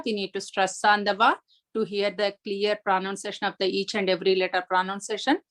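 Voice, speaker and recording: A woman's voice: mid-range voice, fairly bright tone. Patient woman teaching chant pronunciation. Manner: patient, explains each sound step by step; chants verse lines slowly and deliberately. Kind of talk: online pronunciation lesson.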